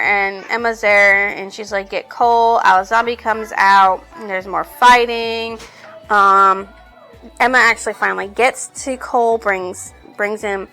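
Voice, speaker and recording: A woman's voice: mid-range voice, pushed and bright. A woman recapping a book's plot in a casual, rambling way, swearing now and then. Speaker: book reviewer.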